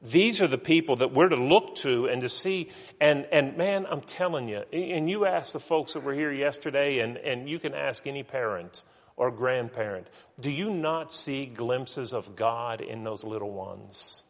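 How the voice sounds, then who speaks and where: A man's voice: mid-range voice, a little slow, in a large hall. A man preaching a sermon with earnest emphasis, often restarting his words. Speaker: pastor.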